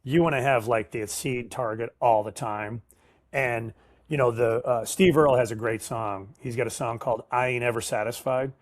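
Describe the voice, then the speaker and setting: A man's voice: mid-range voice, moderate pace, no room sound. A middle-aged man, a sales professional guest, telling stories casually and acting out the dialogue. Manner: animated storyteller, acts out dialogue, casual slang. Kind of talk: casual storytelling interview.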